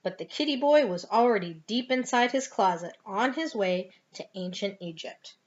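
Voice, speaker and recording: An older woman reading a picture book aloud to a child in an expressive, sing-song way. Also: medium pitch, moderate pace. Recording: dull lo-fi home recording.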